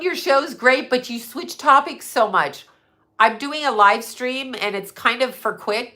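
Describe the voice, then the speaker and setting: Middle-aged woman, bright edgy voice, blunt and profane, casual live stream chat. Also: mid-range voice. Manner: blunt, profane, laughs often, jumps between topics.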